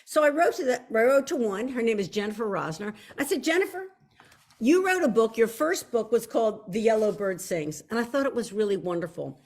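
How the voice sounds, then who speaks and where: A woman's voice: fairly high pitch, expressive, a little fast, few pauses, darkish tone. A woman with a Philadelphia accent, an author hosting her own video show, chatting effusively to viewers with many restarts and repeated words like "very, very.". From Philadelphia area. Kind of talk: casual chat to viewers.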